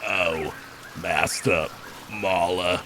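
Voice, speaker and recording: A streamer voicing a gruff male woodsman in a game, with a slow, halting, deep drawl. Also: fairly even intonation, background noise. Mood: friendly. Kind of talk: game dialogue read aloud.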